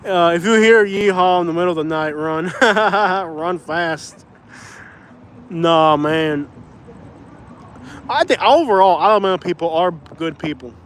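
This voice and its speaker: A man's voice: sits high, lively intonation, moderate pace, a little hiss or hum. A man chatting casually on a livestream, rambling and laughing as he talks. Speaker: vlogger, livestream host.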